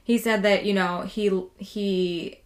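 A woman's voice: mid-range voice, steady tone, slow pace. A woman co-hosting a podcast, casually telling a true haunting story, peppered with "like" and swearing. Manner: casual, swears freely, lots of "like".

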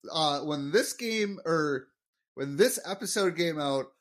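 A man with a fairly high, lively voice banters as a podcast co-host. He jokes, laughs easily and launches into explanations of trivia with lots of rise and fall in his pitch. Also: takes it slowly. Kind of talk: casual episode recap chat.

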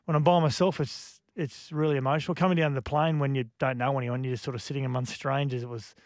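A man, co-hosting a radio show, speaking in an emotional, reflective way with many halting restarts. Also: mid-range voice, fairly even intonation, darkish tone, no echo, studio quality. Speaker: radio co-host. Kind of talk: casual radio chat.

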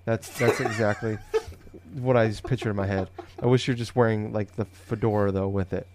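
A man's voice: on the low side, normal speed. A man hosting a podcast in casual banter, joking, laughing easily and swearing offhand. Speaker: podcast host. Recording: noisy with clicks in background.

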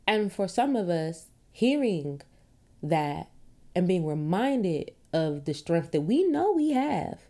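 A woman with a lowish, mellow voice talks candidly into a podcast mic at home. She is emphatic, swears freely, laughs easily, and throws in rhetorical questions and sharp retorts. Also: sing-song, slow. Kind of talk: casual monologue.

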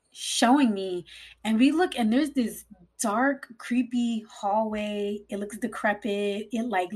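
A woman's voice: mid-range voice, breathy edge. A young woman and mother telling a personal story casually, rambling with lots of "like" and cursing freely. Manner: rambling, frequent "like", swears freely.

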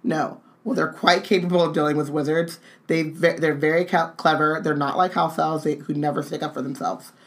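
A woman's voice: low-pitched, steady tone, brisk, few pauses. A woman co-hosting a casual read-along stream, reading book dialogue with playful jokes and asides.

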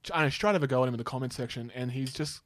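A man's voice: medium pitch, rapid-fire, a bit bright, dry recording, studio quality. A man in casual podcast chat, wry and fond of acting out what others said. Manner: wry, quotes people in put-on voices. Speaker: podcast co-host.

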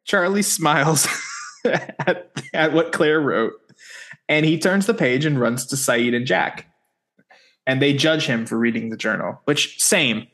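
A man's voice: fairly high pitch, a little slow, fairly bright tone. A man co-hosting a podcast, recapping a TV episode in casual chat with sarcastic asides. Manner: wry, sarcastic asides while summarizing.

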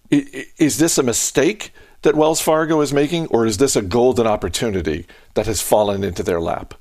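A man's voice: mid-range voice, normal speed, darkish tone, dry recording, studio quality. A man hosting a podcast, chatting casually and restarting his sentences often. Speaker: podcast host.

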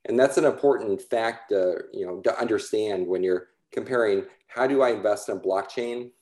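A man's voice: lowish voice, normal speed, a little mellow, reverberant. A man working in asset management, explaining steadily with many fillers. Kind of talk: explanatory talk on a call.

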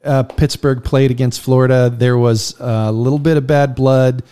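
A middle-aged man hosts a casual chat, calling out each pick in turn. His voice sits in an ordinary middle pitch, and he keeps it laid-back. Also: fairly even intonation, normal speed, warm tone, clean tone. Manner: runs the picks in order, laid-back. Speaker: host.

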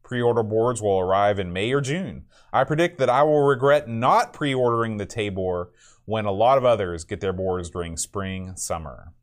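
This co-host's voice is lowish and expressive, with a moderate pace, as he chats casually on a podcast. Listener messages and predictions get read aloud with a chuckle.

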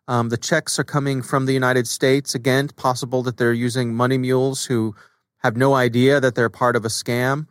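A man co-hosting a podcast, talking in a relaxed, conversational way with filler words. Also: medium pitch, normal speed, clear, resonant tone, no echo, clean studio sound. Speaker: podcast co-host. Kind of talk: casual chat.

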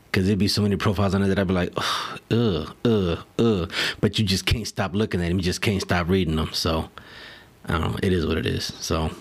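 A man hosting a podcast, ranting casually and profanely, exasperated and rambling with restarts. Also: sits low. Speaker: podcast host.

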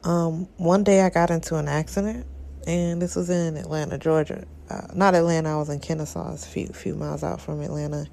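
A podcast co-host telling a personal story in a relaxed, casual way. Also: medium pitch, fairly quick, gravelly.

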